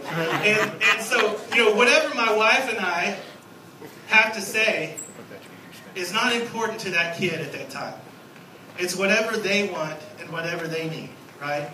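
A man in his thirties preaching a sermon as a guest pastor, lively and storytelling, acting out little scenes. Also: sits high, reverberant, recorded from a distance, slight background noise, low-quality recording. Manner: animated, acts out scenes with a raised voice. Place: church sanctuary.

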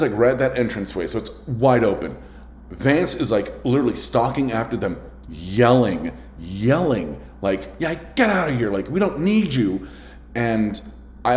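A man's voice: fairly low pitch, a little mellow. A man, a restaurant server, telling a story in a casual, rambling way, full of filler words and restarts. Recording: echoey room.

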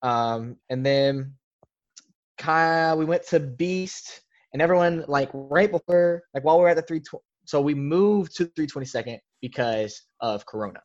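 A man's voice: fairly high pitch, normal speed, muffled recording. A young man, a podcast guest, telling a casual story in a rambling way, full of filler words. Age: young adult.

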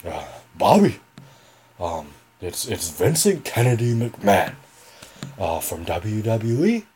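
A man doing a pompous, gravelly older boss. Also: fairly low pitch, sing-song, slow, darkish tone. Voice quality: gravelly, scratchy. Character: older male wrestling promoter, booming and self-important.

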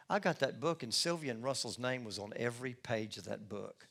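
A man's voice: medium pitch, brisk, creaky, few pauses, a bit bright. A middle-aged man, a lead pastor telling a personal story in a sermon with folksy, self-deprecating humor.

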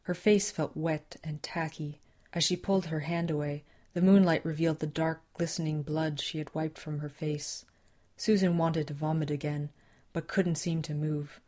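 Low-voiced woman narrating a dark thriller. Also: steady tone. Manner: measured, tense dramatic reading. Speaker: audiobook narrator. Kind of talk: scripted narration.

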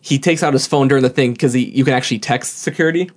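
A man's voice: mid-range voice, very fast. A young man telling a story to friends in casual chat, rambling and often stumbling over repeated words.

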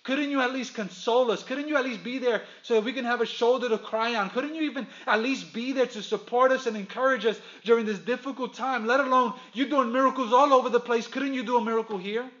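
A man's voice: extremely high pitch, fast, hardly any pauses, a bit bright, lo-fi sound, voice pushed up. A man preacher voicing a grieving sister, pleading with reproachful questions. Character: grieving woman pleading with a friend.

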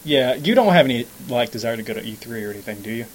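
Young man, podcast co-host, casual rambling chat, laughing, jaded, hiccups, mid-pitched voice. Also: lively intonation, fast, a little hiss or hum, poor audio.

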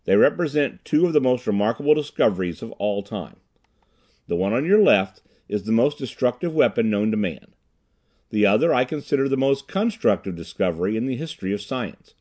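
A man reading an audiobook, voicing a brisk, self-assured inventor who talks with crisp urgency. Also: mid-range voice, expressive, a little mellow, close to an everyday voice. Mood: earnest. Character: brisk, commanding older male inventor.

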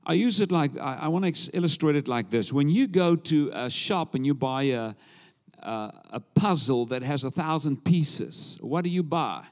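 A man's voice: on the high side, lively intonation, long reverb tail. A man from South Africa with a South African accent, a visiting preacher opening his sermon with easygoing, humorous banter. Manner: warm-up banter, humorous, unhurried.

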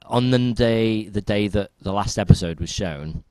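A man co-hosting a podcast in casual chat, rambling and trailing off into quiet asides. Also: lowish voice, moderate pace, clear, resonant tone, dry recording. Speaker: podcast co-host.

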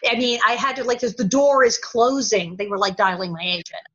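Bright, energetic woman telling stories. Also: a little high. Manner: energetic, laughing, quick asides and acted-out quotes. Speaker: interview guest, former child actor. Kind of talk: animated storytelling in conversation. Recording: dull lo-fi audio.

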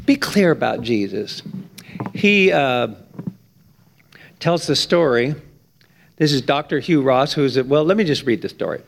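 A man preaching a sermon, with emphatic stress that climbs high on key points. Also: lively intonation, unhurried, vocal fry, pauses often, a little hiss or hum. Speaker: pastor.

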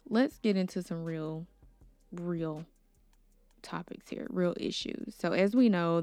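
Young woman doing her solo podcast, smooth low-ish voice, close dry mic, outspoken and earnest. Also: a little mellow, no room sound. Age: young adult. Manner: earnest and outspoken, with nervous laughs and stumbles over names. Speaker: podcast host. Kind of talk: casual solo podcast commentary.

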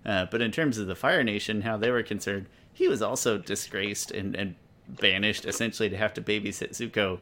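Male co-host, lowish voice, playful yet thoughtful, casual. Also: brisk, sharp tone. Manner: playful, then thoughtful, with fillers. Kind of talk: casual chat discussing a show.

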